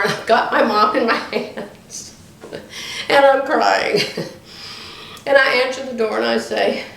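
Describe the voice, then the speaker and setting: An older woman vlogger tells a long, casual story in a chatty vlog, laughing often as she goes. Her voice sits a little high with a fairly bright tone, and the recording has a roomy echo.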